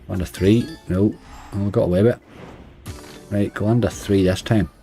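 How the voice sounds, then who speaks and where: A man's voice: on the low side, steady tone, moderate pace, mellow, faint music behind. A middle-aged man with a Northern Irish accent, streaming online slots and chatting casually while grumbling at the game. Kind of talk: casual live-stream commentary.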